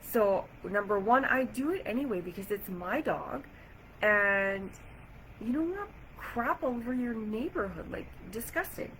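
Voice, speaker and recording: A woman's voice: fairly high pitch, unhurried, slight background noise, poor audio. Chatty woman telling a story to camera. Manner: chatty, animated retelling with frequent "like". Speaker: vlogger. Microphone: camera or phone mic.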